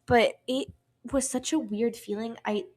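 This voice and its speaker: Animated young woman telling a wild story. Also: on the high side, measured pace. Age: young adult. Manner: animated, profane, acts out quoted voices. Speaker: podcast co-host. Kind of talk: casual storytelling chat.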